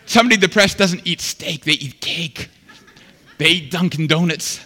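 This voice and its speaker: A man preaching a sermon as pastor, swinging between loud fervent passages and quiet, earnest stretches. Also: on the high side, slow pace. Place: large church sanctuary. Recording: long hall reverb.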